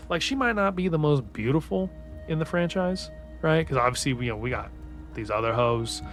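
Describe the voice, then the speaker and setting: Talking fast and animated in a mid-range voice, a man recaps books on his casual podcast. He rambles with enthusiasm and swears plenty, chatting loosely over faint background music.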